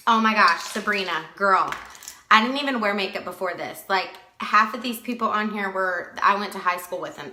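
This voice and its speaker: A woman's voice: medium pitch, pushed and bright, reverberant. A chatty woman giving a casual live makeup tutorial at home, greeting viewers by name as she works. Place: at home, with dogs nearby.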